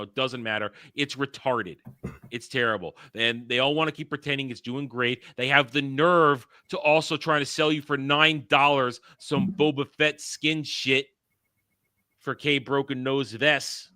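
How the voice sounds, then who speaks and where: A man's voice: mid-range voice, fairly even intonation, moderate pace, sharp tone, no echo, studio quality. A man hosting a casual panel chat, blunt and ranting with some swearing. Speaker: podcast host.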